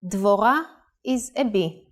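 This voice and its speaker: A woman presenting a scripted language lesson, pronouncing words clearly and carefully. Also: mid-range voice, expressive, slow. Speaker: language teacher.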